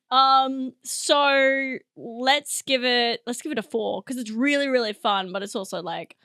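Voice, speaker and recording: A woman's voice: a little high, slow, fairly bright tone, clean tone, dry recording, studio quality. A young woman hosting a comedy podcast, rambling and giggling through a monologue, teary from laughing. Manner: giggly, rambling, self-interrupting.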